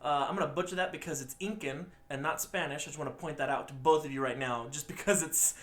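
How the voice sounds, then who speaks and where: A man's voice: on the high side, fast. A man co-hosting a casual podcast movie review, joking around and acting out the characters. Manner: joking, animated, acts out characters. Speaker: podcast co-host.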